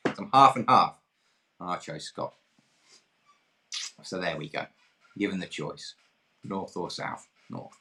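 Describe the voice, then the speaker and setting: A man's voice: sits low, lively intonation, measured pace, creaky, long pauses, bright, forceful tone. A man from England hosting an online pub quiz, reading questions in a jokey, self-deprecating way. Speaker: quiz host.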